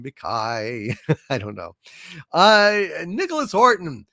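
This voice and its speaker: A man's voice: on the high side, huge pitch swings, slow pace, sharp tone, dry recording, clean studio sound. A man hosting a live stream, thanking viewers and reading out their donation messages in a grandiose, rambling way with many repeated words. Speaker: channel host.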